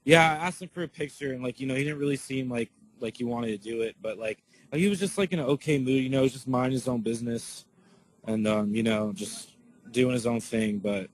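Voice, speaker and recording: A man giving a casual spoken eyewitness account to his viewers, answering questions in a halting way full of "like" and restarts. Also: mid-range voice, slight background noise, rough recording. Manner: halting, filler-heavy, lots of "like" and restarts.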